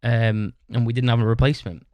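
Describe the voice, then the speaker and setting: In a flat, darkish yet clear and resonant mid-range voice, a podcast host talks a little fast, with no room sound. His casual monologue is a rambling story, full of constant swearing and sentences tagged with "right?".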